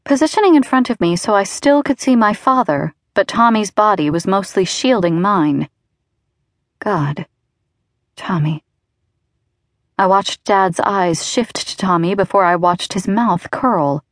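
A woman's voice: mid-range voice, normal speed, few pauses, dry recording. Woman narrating a romance audiobook, dry. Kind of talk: first-person scripted narration. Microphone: close studio mic.

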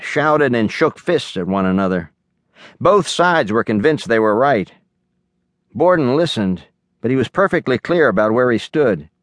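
A man reading a children's novel aloud as the audiobook narrator, in a measured storytelling manner, recorded close on a studio mic. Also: fairly low pitch, no echo. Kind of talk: scripted narration.

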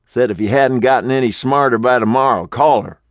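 A man voicing a nervous, jumpy motel manager in a high, anxious, whining voice. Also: a little fast, no echo, natural voice.

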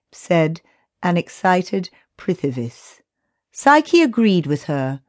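A woman narrating a children's audiobook in a steady, unhurried way. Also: low voice, no echo.

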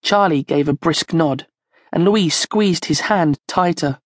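A woman narrating a children's storybook in a slow, expressive storytelling manner, close to the mic. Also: low-pitched, no room sound. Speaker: audiobook narrator.

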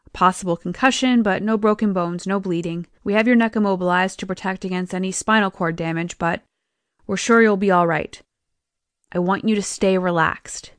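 A woman voicing a calm, reassuring male paramedic in an audiobook. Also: medium pitch, normal speed, dry recording, lightly acted. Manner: steady, reassuring.

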